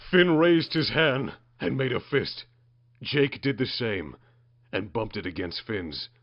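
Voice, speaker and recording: A man's voice: medium pitch, expressive, takes it slowly. Mock-dramatic male comic storyteller. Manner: mock-dramatic, building up loudly. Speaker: narrator. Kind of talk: comedic story reading. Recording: muffled dry lo-fi recording.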